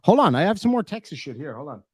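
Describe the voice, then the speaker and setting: A man's voice: fairly high pitch, fast, background noise. Chatty Irish man live-streaming. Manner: rambling, excitable, sweary, with frequent restarts. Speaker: livestreamer reading viewer donations. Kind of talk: casual live-stream chat.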